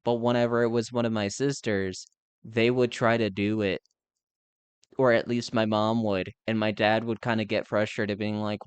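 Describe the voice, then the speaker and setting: A man's voice: lowish voice, little pitch movement, normal speed, clear, resonant tone, no room sound. A young man chatting casually as a live streamer, speaking candidly and rambling with lots of filler words. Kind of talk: casual chat.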